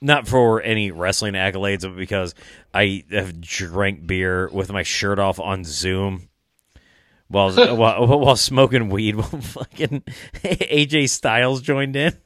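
Low-voiced male podcast guest, rambling and laughing, dry sound. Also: unhurried, a bit bright, dry recording. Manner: rambling, laughs often, swears freely. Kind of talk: casual podcast chat.

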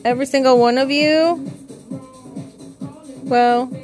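A woman with a slightly high voice rambles through a casual solo podcast, chatty and candid. She swears freely and laughs at herself as she goes. Faint music sits behind her. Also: steady tone, a little slow, darkish tone. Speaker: podcast host; parent.

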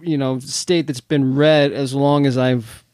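A podcast co-host chats casually and eagerly, often restarting his sentences and repeating words when he does. His mid-range voice is a little mellow, fairly even, and measured in pace, captured with clean studio sound and no room echo.

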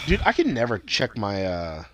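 A man's voice: on the low side, huge pitch swings, measured pace, bright, forceful tone, no room sound. A man co-hosting a podcast, joking loosely and swearing a lot in casual banter. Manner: loose, swearing, jokey, rambling. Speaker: podcast co-host.

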